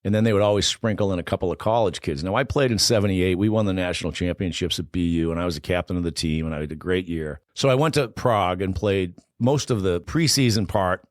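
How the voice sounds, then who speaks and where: A man's voice: low-pitched, no echo, studio quality. A man in his sixties with a strong Boston accent, telling stories from his past as a guest on a casual podcast interview. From Boston, USA. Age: 60s. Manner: fast, animated storyteller. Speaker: podcast guest, former Olympic hockey player.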